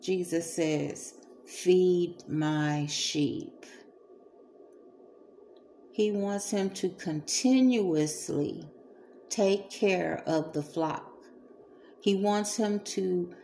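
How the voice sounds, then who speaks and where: A woman delivers a sermon at an unhurried, deliberate pace. Her voice is mellow and dark, and she speaks earnestly, pausing often. A faint hum of noise sits behind her. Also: medium pitch. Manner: slow, earnest, with soft pauses and fillers. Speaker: preacher.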